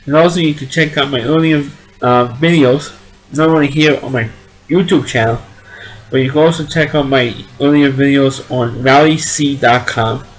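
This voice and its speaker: A man's voice: medium pitch, normal speed, rough recording. A man giving a casual spoken movie review, rambling along and often repeating and restarting his words.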